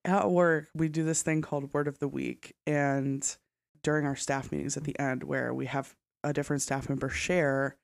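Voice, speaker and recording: A woman's voice: low-pitched, little pitch movement, normal speed, creaky, dry recording. A woman in her thirties co-hosting a podcast in a casual chat, laughing often, swearing and full of "like". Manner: laughing, sweary, filler-heavy storyteller. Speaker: podcast co-host.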